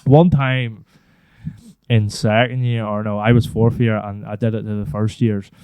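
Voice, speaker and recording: A man's voice: on the low side, fairly even intonation, unhurried, dark tone, clear, resonant tone, no room sound. A young man, telling a rambling school story on a podcast, swearing freely and acting out the people in it. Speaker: podcast co-host. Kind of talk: casual storytelling chat.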